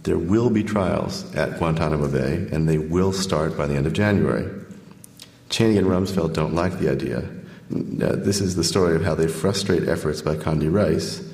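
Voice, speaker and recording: Very deep-voiced man in an echoey hall. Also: creaky, a little mellow. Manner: measured reading, many fillers when speaking freely. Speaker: author giving a talk. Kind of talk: book reading and Q&A. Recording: echoey hall, long reverb.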